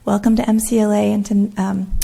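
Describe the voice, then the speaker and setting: A woman with a hoarse, raspy voice, introducing a seminar speaker with measured, scripted announcements in a lecture room. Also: medium pitch, little pitch movement, mellow.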